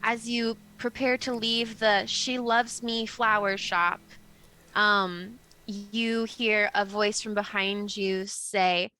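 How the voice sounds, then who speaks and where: Bright-voiced woman game master. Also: medium pitch, fairly even intonation, slow, smooth, poor audio. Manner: casual, chatty narration with many fillers. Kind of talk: narrating a tabletop game.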